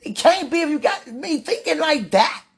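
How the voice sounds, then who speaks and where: A woman's voice: sits high, lively intonation, normal speed. A woman, praying aloud in a fervent, pleading, rambling way and laughing between phrases. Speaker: religious speaker. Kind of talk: emotional spoken prayer.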